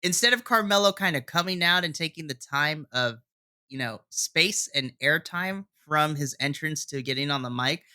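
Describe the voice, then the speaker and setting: A man's voice: a little high, lively intonation, normal speed, bright, forceful tone, clear, resonant tone. A man co-hosting a podcast in casual chat, eager and pleading as he talks through what he wishes had happened. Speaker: podcast co-host. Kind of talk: casual wrestling recap chat.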